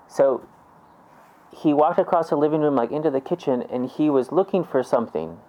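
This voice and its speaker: A man's voice: mid-range voice, lively intonation, moderate pace, lo-fi sound. A man telling a heartfelt personal story in a casual way, with many fillers and restarts. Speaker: storyteller recounting experiences.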